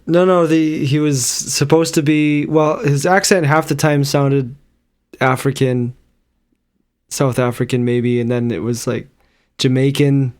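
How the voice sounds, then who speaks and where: A man's voice: medium pitch, steady tone, a little slow, darkish tone, clean tone. Man cutting in with blunt jokes. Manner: blunt, joking interjections. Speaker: podcast co-host. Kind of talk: casual film review chat.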